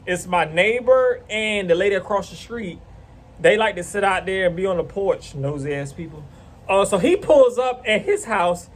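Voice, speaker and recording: A man's voice: high voice, moderate pace. A man casually telling a rambling, profane story to camera. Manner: rambling, profane, animated retelling.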